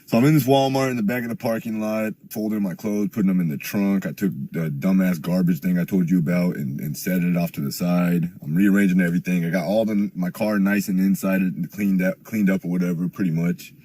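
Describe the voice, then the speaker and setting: A young man telling a rambling, profane story in casual chat, getting louder and higher as he gets worked up. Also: fairly even intonation, brisk, hardly any pauses.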